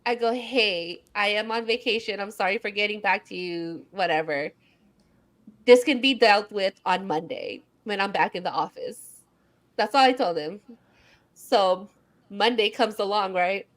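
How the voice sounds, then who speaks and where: A woman's voice: mid-range voice, unhurried, a bit bright. A young adult woman co-hosting a podcast, telling a story in casual chat, laughing often and acting out quotes. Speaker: podcast co-host.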